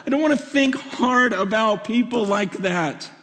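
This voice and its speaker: A middle-aged man gives a conference sermon in a strikingly high voice. He speaks earnestly, often repeating words as he restarts, and his voice rises into pleading. The sound carries a long reverb from a large hall. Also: a little slow, fairly bright tone. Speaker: preacher.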